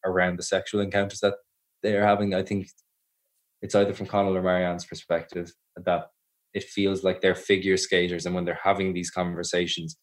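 A young Irish man with a low, deep voice talks through his answers slowly and thoughtfully. He often stops to rephrase, and he sounds like an actor reflecting on his work in an interview. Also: little pitch movement. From Ireland. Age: young adult. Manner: thoughtful, measured, self-correcting. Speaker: actor guest. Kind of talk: podcast interview.

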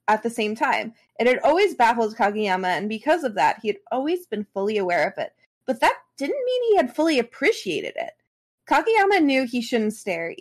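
A woman reading a fan story aloud as a podcast co-host, stopping now and then for casual asides. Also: mid-range voice.

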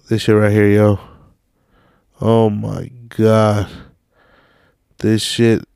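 Slow, gravelly young man ranting. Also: on the low side, mellow, no echo, clean studio sound. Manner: profane, rambling, searching on his phone while talking. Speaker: podcast host. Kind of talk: casual ranting monologue.

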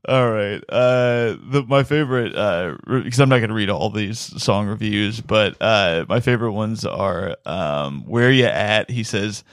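A man's voice: lowish voice, measured pace, hardly any pauses, no echo, studio quality. A man hosting a casual chat, reading review quotes aloud and laughing often. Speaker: podcast host.

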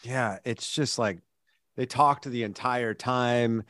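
A man's voice: medium pitch, slow pace, no room sound, studio quality. A man from California, a podcast co-host, telling stories in a casual chat, full of fillers. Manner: animated storyteller, many fillers.

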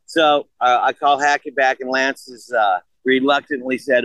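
A man in his sixties telling a story in casual chat, animated and profane, acting out what others said. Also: medium pitch, moderate pace, no room sound, low-quality recording. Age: 60s. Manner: animated, profane, acts out quotes.

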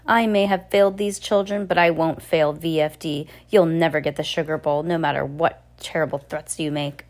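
A woman's voice: sits low, fairly even intonation, normal speed, lightly acted. A woman voicing an earnest woman judge in a storybook reading, with an emotional, pleading delivery and a raised voice. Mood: distraught.

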